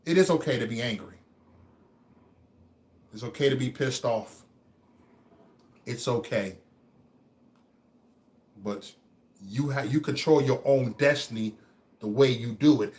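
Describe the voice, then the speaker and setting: A man hosting a livestream, giving a motivational talk to his chat. He repeats phrases over and over and stammers on single words, swinging between hushed musing and loud preaching. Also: mid-range voice, unhurried, long pauses. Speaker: livestream host.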